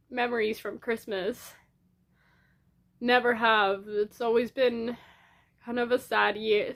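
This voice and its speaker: A young woman speaks into her camera in a casual diary vlog, her fairly high voice tearful as she cries. She rambles and stops herself often, restarting her sentences. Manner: rambling, halting, frequent restarts and fillers. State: tearful, crying. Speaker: vlogger. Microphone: camera in front of her.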